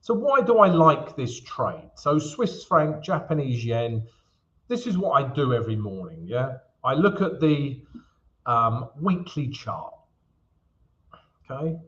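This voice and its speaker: A man's voice: mid-range voice, dull audio. A man from England hosting a live stream, chatting casually with viewers and calling them guys and mate. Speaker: host. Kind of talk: live trading stream chat.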